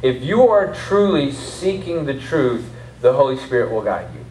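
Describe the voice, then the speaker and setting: A man's voice: mid-range voice, very animated, normal speed, a little mellow, slight background noise. A man with a Southern accent preaching a conversational sermon as pastor, with laughing asides. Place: church service in a rented martial arts academy space. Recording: roomy hall audio from a distance.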